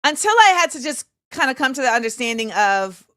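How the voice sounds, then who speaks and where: A woman, hosting a show and telling a story in a casual, animated way. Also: high voice, fairly quick, dry recording, clean studio sound. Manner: animated, acts out quoted voices, laughs often. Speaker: show host.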